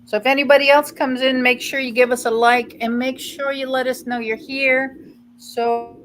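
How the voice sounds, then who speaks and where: A woman's voice: high voice, little pitch movement, moderate pace, a bit bright, a little hiss or hum, poor audio. A middle-aged woman, chatting casually on a live stream with her daughter and talking to viewers. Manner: chatty, a bit scattered, talks to viewers. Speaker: vlog host. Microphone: computer mic on a live stream.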